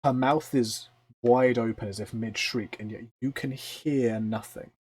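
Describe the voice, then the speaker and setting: A man narrating as game master of a tabletop role-playing game, describing scenes in a relaxed storytelling way with fillers. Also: medium pitch, measured pace, husky.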